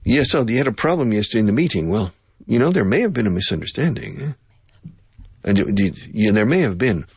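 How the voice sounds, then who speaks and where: A man teaching English, chatty and digressive, with a laugh never far off. His low voice has a husky edge and swings widely in pitch. The sound is dry and close. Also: big pitch swings, a little fast, dry recording. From Texas. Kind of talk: language lesson with drills.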